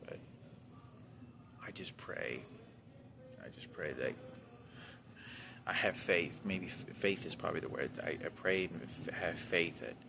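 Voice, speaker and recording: Agitated man from Texas, rambling venting monologue, deep voice, over noisy ambience. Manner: agitated, rambling, heavy swearing, trailing off.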